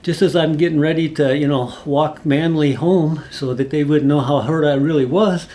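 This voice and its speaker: A man's voice: fairly high pitch, steady tone, moderate pace, dark tone. A man casually telling a rambling, folksy personal story, full of asides. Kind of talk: casual spoken anecdote.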